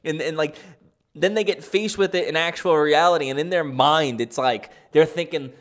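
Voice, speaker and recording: A man's voice: fairly high pitch, normal speed, a bit bright. A man giving opinion commentary in a sarcastic, rambling way, chuckling often. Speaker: political commentator.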